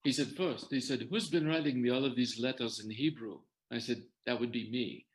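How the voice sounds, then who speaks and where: A man's voice: mid-range voice, moderate pace. An older man telling his own story in a talk, quoting others' words as he goes. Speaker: guest sharing his story.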